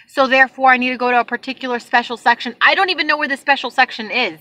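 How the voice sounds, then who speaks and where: A young woman chatting casually to her vlog audience, telling stories in an animated, exasperated way. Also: high voice, rapid-fire, few pauses, no room sound, rough recording. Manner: animated storytelling, exasperated retelling. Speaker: vlogger.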